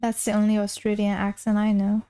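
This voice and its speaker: A woman's voice: medium pitch, monotone, brisk, mellow, clean tone, poor audio. A woman streamer chatting casually while drawing, rambling and self-deprecating, often trailing off mid-sentence. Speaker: art streamer.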